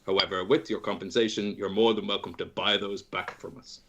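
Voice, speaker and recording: A man's voice: on the low side, fairly even intonation, brisk, background noise, lightly acted. A man playing a greedy brewery boss. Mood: smug. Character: greedy human brewery boss, money-loving.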